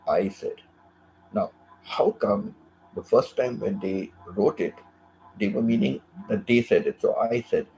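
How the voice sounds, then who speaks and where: A man's voice: mid-range voice, big pitch swings, normal speed, creaky, mellow, a little hiss or hum, rough recording. A man hosting a casual talk who repeats his phrases and often checks in with "you know" and "correct?". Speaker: host.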